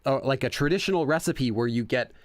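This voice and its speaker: A man's voice: medium pitch, brisk, no echo, clean studio sound. A man hosting a casual let's play, chatting in a rambling way with lots of fillers and self-corrections while translating game text aloud.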